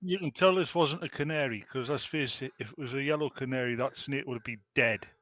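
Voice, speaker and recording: A man's voice: medium pitch, brisk, a bit bright. A man co-hosting a news podcast, trading dry wisecracks and short replies. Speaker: podcast co-host. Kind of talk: casual comic banter.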